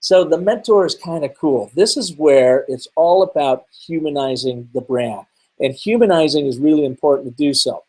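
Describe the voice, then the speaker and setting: Energetic man teaching a webinar. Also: on the high side, normal speed, breathy edge, low-quality recording. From Seattle, Washington area. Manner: energetic storytelling, rhetorical questions. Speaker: webinar presenter.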